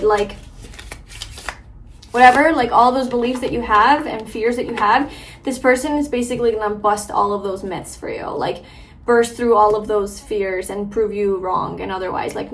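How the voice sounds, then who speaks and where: A woman's voice: fairly high pitch, steady tone, moderate pace, a little hiss or hum. Chatty young woman giving a tarot reading. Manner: chatty, warm-hearted, lots of filler likes and ums. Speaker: tarot reader. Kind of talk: casual spiritual tarot reading.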